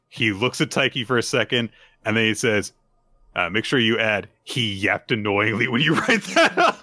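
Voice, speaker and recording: A man's voice: lowish voice, sing-song, moderate pace, sharp tone, no echo, studio quality. A man co-hosting a podcast, casually recapping manga chapters and acting out the characters' lines. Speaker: podcast co-host.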